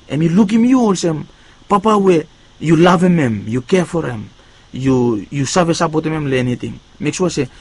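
Man preaching a sermon. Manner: emphatic rises on key words, phrase endings fading low and quiet.

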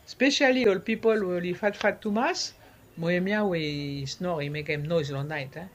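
A man, explaining things in an interview in a halting way, repeating words and slipping into French. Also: sits high, fairly bright tone. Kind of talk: conversational explaining.

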